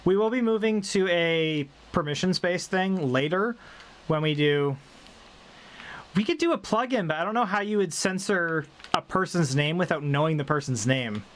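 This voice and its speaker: A man's voice: fairly high pitch, expressive, moderate pace, a bit bright. A young man from British Columbia with a neutral General American accent, chatting casually on a live stream, rambling and correcting himself. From Canada (British Columbia). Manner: rambling, self-correcting, reading chat aloud.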